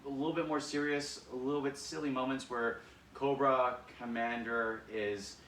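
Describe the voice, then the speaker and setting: A man leading drama practice, talking in an animated, rambling way with lots of fillers. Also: mid-range voice, moderate pace, slight background noise. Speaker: drama coach. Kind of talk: casual drama practice talk. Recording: echoey room, distant mic.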